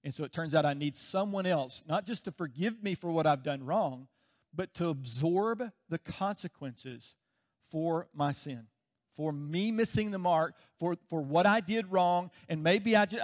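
Man, pastor, preaching, conversational, fairly high voice, chuckles a lot. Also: moderate pace. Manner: conversational, chuckles often, acts out anecdotes. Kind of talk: sermon.

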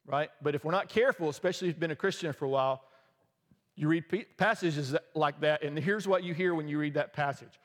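A man preaching a sermon in a casual, joking, conversational way, with quick asides to the congregation. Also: a little high, in a large hall. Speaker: pastor.

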